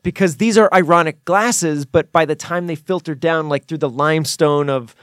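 A man's voice: a little high, normal speed, fairly bright tone, clean tone, no echo, studio quality. A man co-hosting a podcast, telling rambling stories in a playful, joking way. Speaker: podcast co-host. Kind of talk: casual chat.

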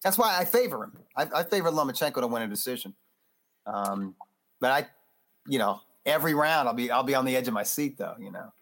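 Animated man talking boxing as a guest. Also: medium pitch, fairly quick. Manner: animated, loose, acts out quotes; frequent restarts and fillers. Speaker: boxing magazine editor, podcast guest. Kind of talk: casual interview chat.

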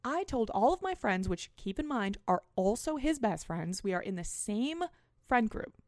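A woman in her twenties hosting a podcast, telling a story in a casual, animated, self-mocking way with plenty of swearing. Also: fairly high pitch, moderate pace, no room sound, clean studio sound. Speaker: podcast host.

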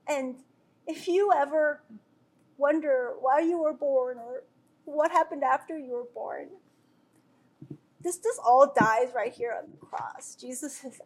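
A woman's voice: sits high, a little slow. A woman earnestly sharing a personal faith testimony with viewers, talking loosely with many fillers and restarts. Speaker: speaker sharing a devotional.

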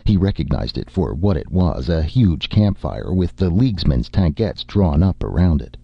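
Audiobook narrator, man, very deep and gravelly, lively dramatic reading, dry close sound. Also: normal speed, few pauses, no echo. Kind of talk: scripted narration. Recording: dull lo-fi recording.

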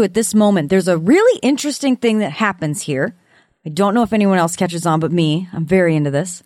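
A woman co-hosting a podcast, talking about a true-crime case in an animated, emphatic way and acting out what people said. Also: mid-range voice, dry recording, clean studio sound. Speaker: podcast co-host. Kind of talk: casual true-crime discussion.

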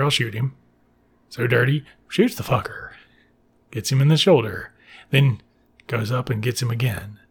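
A man's voice: mid-range voice, breathy edge. A man casually recapping a film plot, profane and wry, with rambling asides.

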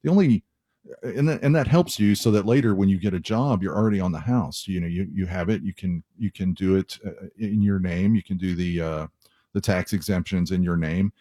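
A male mortgage lender hosting a radio advice show, talking through loan costs plainly and conversationally. His voice sits low and mellow, recorded close and dry. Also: brisk, no echo. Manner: conversational, explains step by step with many restarts. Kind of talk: radio call-in advice talk.

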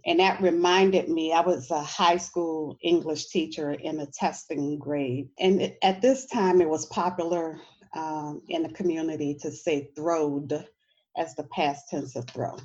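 A woman's voice: sits low, fairly even intonation, unhurried, a little mellow, muffled recording. A middle-aged woman from New Orleans, an educator speaking on a panel in a conversational way, often tossing in "you know" and "right?". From New Orleans, USA. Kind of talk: panel discussion.

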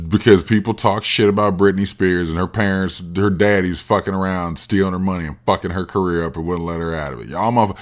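A man hosting his own podcast, talking alone in a casual, profane and emphatic rant. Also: on the low side. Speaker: podcast host.

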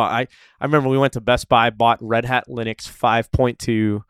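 A man telling stories in a casual conversation, animated and often laughing. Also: mid-range voice, moderate pace, smooth, no room sound, studio quality. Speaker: interview guest.

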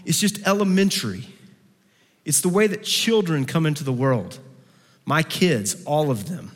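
A man preaching a sermon who acts out quoted voices and moves between soft, low passages and lively, raised ones. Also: unhurried. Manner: acts out quoted voices with big pitch swings. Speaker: pastor. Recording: long hall reverb.

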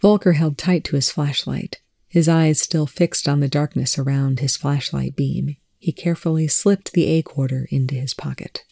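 A narrator reading fan fiction aloud with a measured, hushed sense of suspense. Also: medium pitch, steady tone, vocal fry, no room sound, clean studio sound.

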